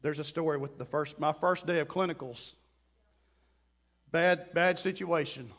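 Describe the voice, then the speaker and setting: A middle-aged man preaching a sermon, telling a story with lively, acted-out quotes and sudden outbursts. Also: on the high side, a little slow. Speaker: pastor.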